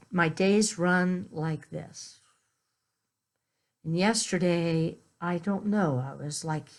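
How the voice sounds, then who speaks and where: Slow-talking lady pastor, 50s, gentle sunday sermon, chatty asides. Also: on the low side. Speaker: minister.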